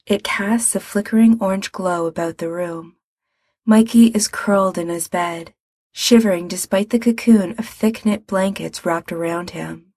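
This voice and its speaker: A woman narrating a story aloud in a calm, measured reading. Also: lowish voice, no echo, clean studio sound. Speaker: audiobook reader.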